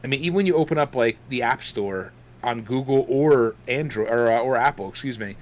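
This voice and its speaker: A man's voice: medium pitch, fairly quick. A young man co-hosting a casual gaming podcast, rambling with lots of fillers while chewing gum. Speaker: podcast co-host.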